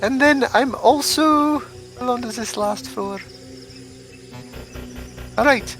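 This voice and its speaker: Woman player at a tabletop game, high voice, chatty, thinking aloud, faint music behind. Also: slow pace. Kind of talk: casual tabletop game chat.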